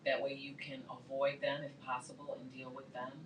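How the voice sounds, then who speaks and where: Low woman's voice, calm explainer; roomy, noisy, distant mic. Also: normal speed, highs cut off. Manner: explaining, uses simple comparisons. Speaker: guest speaker. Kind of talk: casual studio discussion. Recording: echoey studio, mic at a distance, faint hum.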